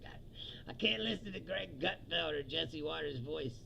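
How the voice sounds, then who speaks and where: Gravelly American man ranting, laughing. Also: on the high side, normal speed, sharp tone, muffled recording, a little hiss or hum. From United States. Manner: profane, angry ranting with frequent laughs. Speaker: comedian and show host. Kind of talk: ranting comedic commentary.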